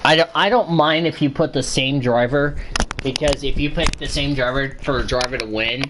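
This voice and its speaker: A man's voice: mid-range voice, normal speed, background noise. A man hosting a casual show, chatting while he plays a game, rambling and swearing freely at it. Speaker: show host. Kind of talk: casual chat while gaming.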